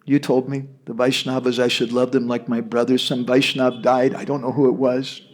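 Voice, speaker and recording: An American man voicing a grieving, grateful male devotee who speaks softly and pleadingly. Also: medium pitch, flat delivery, moderate pace, close to an everyday voice. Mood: hurt, pleading.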